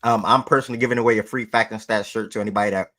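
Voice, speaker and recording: A man's voice: on the low side, steady tone, very fast, sharp tone. A man hosting a sports livestream, talking to his chat in loose, slangy casual speech. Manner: loose slangy talk, breaks off to call his dog.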